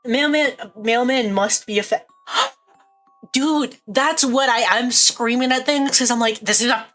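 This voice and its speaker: A woman's voice: fairly high pitch, slow pace, fairly bright tone, faint music behind. A young woman streaming, chatting casually in a rambling, jokey way and laughing often.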